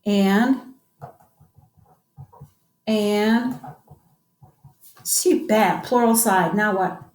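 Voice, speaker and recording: A woman's voice: mid-range voice, extremely slow, a little mellow, reverberant, slight background noise, poor audio. Upbeat woman teaching a class. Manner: upbeat, coaxing call-and-response drilling. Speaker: French teacher. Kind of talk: classroom grammar lesson.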